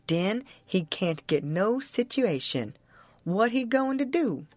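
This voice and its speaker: Stubborn grown runaway man, read by a woman, Southern accent, indignant, heavy rural dialect, lively pitch. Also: slow, no room sound. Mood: puzzled, stubborn. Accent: Southern American.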